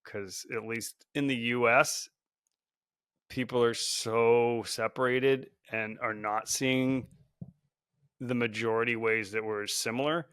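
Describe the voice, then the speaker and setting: Earnest man with a bright voice. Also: mid-range voice, level tone, takes it slowly, clean tone, no echo, clean studio sound. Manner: earnest, reflective, often hedging with "like". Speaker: podcast guest, founder of a support group. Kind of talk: casual podcast conversation.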